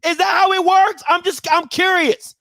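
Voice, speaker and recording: High-voiced man ranting and mocking. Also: steady tone, vocal fry, no echo, clean studio sound. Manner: mocking, rapid-fire rhetorical questions, bursts of shouting. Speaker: show host. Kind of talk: heated commentary rant.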